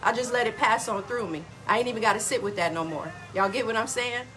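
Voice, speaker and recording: Bright-voiced woman, chatty and folksy. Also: on the high side, fast talker. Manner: chatty, addresses listeners as y'all. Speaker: wellness podcast host. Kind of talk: casual motivational talk.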